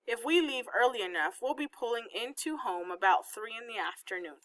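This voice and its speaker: Patient organized mom laying out a plan, read by a woman, bright voice, calm and orderly. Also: on the high side, fairly quick, dry recording. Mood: explaining plans. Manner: calm, explaining step by step. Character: organized, patient mother planning a trip.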